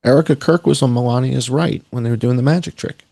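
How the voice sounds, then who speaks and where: A man's voice: mid-range voice, fast, vocal fry, mellow, no echo. A man talking in a sarcastic, rambling way on a podcast, with mocking asides. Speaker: podcast guest. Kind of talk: casual conspiratorial chat.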